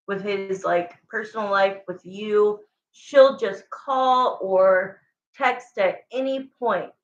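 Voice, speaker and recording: Speaking with a mid-range, fairly bright voice, a woman reads tarot live, reasoning aloud over each card she pulls and asking the cards her questions again and again. The sound is lo-fi, dull and roomy.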